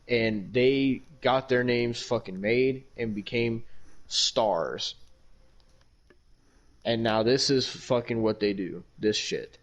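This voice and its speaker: A man's voice: medium pitch, takes it slowly, highs cut off. A man hosting a casual podcast, ranting heatedly and swearing constantly. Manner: heated, heavily profane ranting. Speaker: podcast host.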